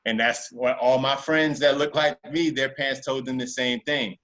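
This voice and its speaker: A man from Virginia as an interview guest, telling personal stories in a casual, animated way and acting out voices in them. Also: medium pitch, moderate pace. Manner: animated storyteller who acts out voices in his anecdotes.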